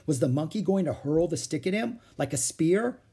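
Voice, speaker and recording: A man reading a children's chapter book aloud as a storyteller, with expressive, animated delivery. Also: fairly high pitch, normal speed, breathy edge.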